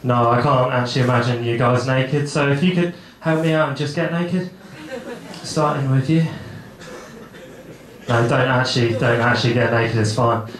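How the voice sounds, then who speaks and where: A man's voice: medium pitch, moderate pace. A young man doing a stand-up set on a club stage, awkward and rambling, swearing freely and mocking himself. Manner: awkward, rambling, self-deprecating, swears a lot. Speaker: stand-up comedian. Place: comedy club stage with a live audience. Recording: echoey room with loud crowd laughter.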